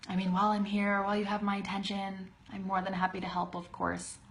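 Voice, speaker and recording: A young woman teaching a live online English pronunciation lesson, chatty and laughing often, slowly modelling words on a webcam. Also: medium pitch, monotone, a little hiss or hum.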